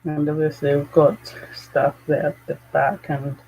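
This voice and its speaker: A woman hosting a live fragrance chat, gushing with excitement and greeting viewers by name. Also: low-pitched, measured pace, creaky, highs cut off, slight background noise. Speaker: fragrance channel host.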